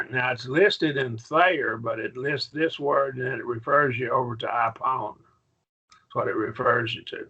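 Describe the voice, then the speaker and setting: A man's voice: mid-range voice, sharp tone, breathy edge, muffled recording. A man teaching a Greek grammar class in a patient manner, often checking in with his students. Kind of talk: classroom lesson.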